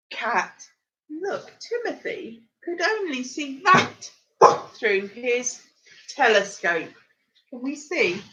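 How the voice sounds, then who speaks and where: At home, a woman with a high-pitched voice reads a picture book to small children, animatedly gasping and speaking straight to them with questions. The recording is low quality.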